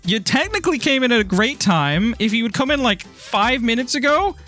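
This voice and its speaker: A man from Ireland chatting casually on a live game stream, rambling and excitable, swearing often and tripping over his words. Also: extremely high pitch, a little fast. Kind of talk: casual live-stream chat while playing. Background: faint music.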